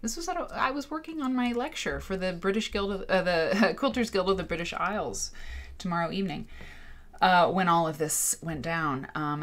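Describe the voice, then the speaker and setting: A woman in her thirties hosting a quilt livestream, animated and exasperated, with sarcastic asides. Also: fairly low pitch. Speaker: quilt show host. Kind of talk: livestream talk. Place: home studio with green screen.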